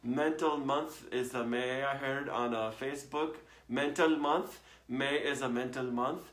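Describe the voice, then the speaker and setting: A woman's voice: rumbling low, fairly even intonation, measured pace, pitched below the performer's own voice. A woman putting on a theatrical foreign hostess who drawls and calls everyone darling, in an echoey home room. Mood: wistful. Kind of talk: home comedy show hosting.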